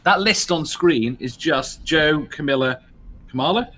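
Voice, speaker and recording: A man co-hosting a casual livestream chat, easygoing and quick to laugh, speaking in short remarks. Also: on the high side, pushed and bright. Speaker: co-host.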